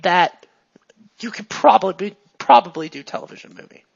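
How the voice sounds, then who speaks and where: A game master voicing an excitable, pushy female TV star who gushes and swings between loud and hushed. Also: mid-range voice, normal speed, gravelly, muffled recording. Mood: gushing. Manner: gushing, jumps from excited to hushed.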